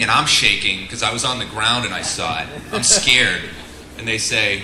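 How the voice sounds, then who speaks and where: A man's voice: lowish voice, fairly quick, pushed and bright, slight background noise. A middle-aged man, a flight instructor, giving a casual, joking seminar and asking the room questions. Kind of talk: seminar lecture to an audience. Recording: echoey room.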